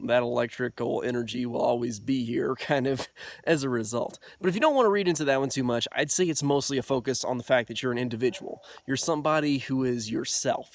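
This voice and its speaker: A man's voice: mid-range voice, no room sound. Chatty man talking with a dry sound. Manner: loose and chatty, heavy on "like" and "you know". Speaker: self-help video host. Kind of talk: casual explainer talk.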